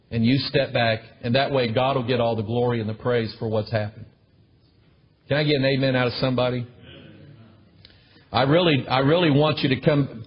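A man preaching a sermon to a congregation in an emphatic, repetitive way, often calling out for amens, in a husky voice. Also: mid-range voice. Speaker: pastor. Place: church with a congregation. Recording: dull lo-fi recording.

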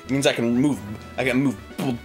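A man co-hosting a comedic let's play, swearing constantly and bursting into shouts and laughter, with music playing underneath. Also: medium pitch, steady tone, fast. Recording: background music under the talk.

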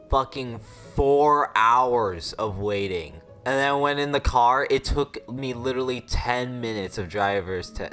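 A man's voice: on the low side, fairly bright tone. A man hosting casual gameplay commentary who is crude, swears freely and rambles off into anecdotes. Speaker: gaming video host.

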